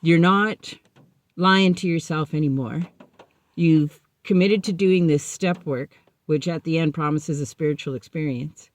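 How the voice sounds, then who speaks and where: A woman's voice: deep voice, measured pace, dry recording. A woman voicing a male recovery sponsor she once knew, who gives direct, matter-of-fact advice. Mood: encouraging.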